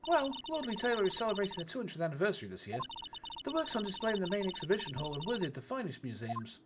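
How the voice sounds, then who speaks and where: A man with a hoarse voice voicing a composed, soft-spoken young woman in a video game. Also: high-pitched, big pitch swings, rapid-fire, background noise, voice pushed up. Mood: earnest. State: hoarse, wrecked voice.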